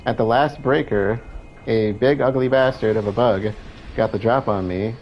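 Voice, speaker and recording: A man's voice: medium pitch, normal speed, darkish tone, slight background noise, lightly acted, rough recording. A man reading aloud the last note of a dying male worker, in a weary, pained voice with swearing.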